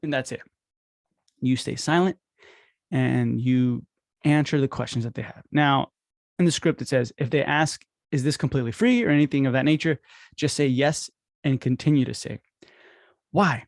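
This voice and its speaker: Man, casual instructional talk, energetic, quick voice shifts, dry close-mic sound. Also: mid-range voice, gravelly, dry recording. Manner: energetic, acts out phone calls with quick voice shifts. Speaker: podcast host teaching dental marketing.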